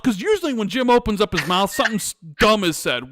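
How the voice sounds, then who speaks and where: A man hosting a casual gaming podcast, talking in an animated, ranting way with frequent restarts. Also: sits high, fast, hardly any pauses, no room sound. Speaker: podcast host.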